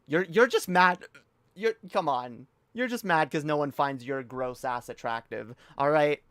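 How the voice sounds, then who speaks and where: A woman's voice: low voice, expressive, unhurried, fairly bright tone, dry recording. A woman streaming a reaction video, ranting heatedly and profanely with frequent restarts. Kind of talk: livestream rant.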